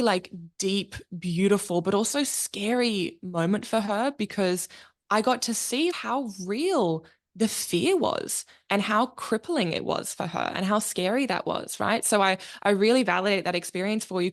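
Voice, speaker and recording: A woman who works as a speaking coach, chatting as a podcast guest in an enthusiastic, expressive way and swearing freely. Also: medium pitch. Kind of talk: casual interview chat.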